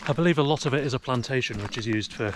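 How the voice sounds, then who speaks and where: An English outdoor vlogger chats casually to an action camera while walking in a forest, sometimes talking to his dog in a raised, sing-song voice. His mid-range voice comes rapid-fire, with background noise.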